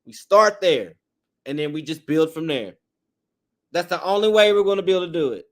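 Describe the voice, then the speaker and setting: A man, his voice a little hoarse, hosting a sports podcast with a blunt, frustrated fan rant. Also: fairly high pitch, lively intonation, a little fast. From Tennessee, USA. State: slightly hoarse.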